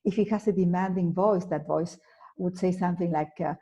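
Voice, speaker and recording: A woman with an Argentine Spanish accent, a native Spanish speaker, giving a conference lecture on therapy in a measured way, with frequent fillers and self-corrections. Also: lowish voice, fairly even intonation, gravelly, mellow, slightly rough, low-quality recording. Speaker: psychotherapist presenting at a conference. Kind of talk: lecture presentation.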